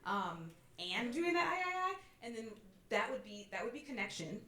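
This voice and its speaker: A woman's voice: fairly high pitch, very animated, moderate pace, sharp tone. A woman voice teacher coaching a student in a master class, encouraging and demonstrating as she goes. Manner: encouraging, demonstrates with sung sobs. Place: college teaching hall. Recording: roomy hall with faint ambience.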